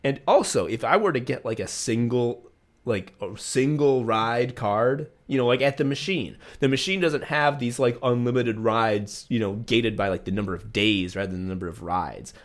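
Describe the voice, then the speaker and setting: Podcast co-host, male, swearing and rambling through an anecdote. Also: mid-range voice. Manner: rambling, profane anecdote-telling with many fillers. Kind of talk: casual chat, telling a travel story.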